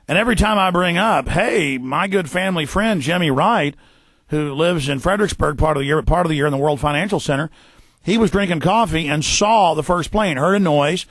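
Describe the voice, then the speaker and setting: A man hosting a radio talk show, ranting fast and forcefully, tripping over repeated words. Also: a little high, no echo. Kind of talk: heated radio monologue. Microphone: studio microphone.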